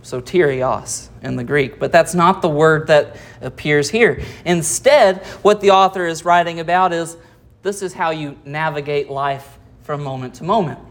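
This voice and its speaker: In this expository sermon, a pastor with a mid-range voice reads out verses, explains what they mean, and asks the audience rhetorical questions, all at a somewhat slow pace.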